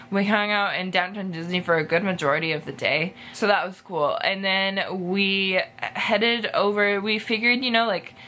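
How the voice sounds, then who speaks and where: A woman in her twenties telling a storytime vlog in casual chat, full of "like" fillers. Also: a little hiss or hum. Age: 20s. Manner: chatty, heavy use of "like", quotes people in higher animated voices. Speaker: vlogger.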